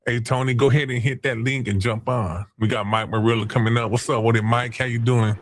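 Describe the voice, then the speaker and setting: A man's voice: medium pitch, fairly even intonation, brisk, slight background noise. A man hosting a casual livestream, taunting chat users in crude, profane slang. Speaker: stream host.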